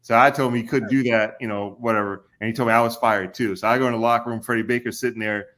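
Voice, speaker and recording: A man's voice: medium pitch, fast. A middle-aged man from Kentucky, a podcast guest, telling a long personal story in a casual way and acting out what others said with a raised voice. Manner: animated, acts out quotes with raised voice.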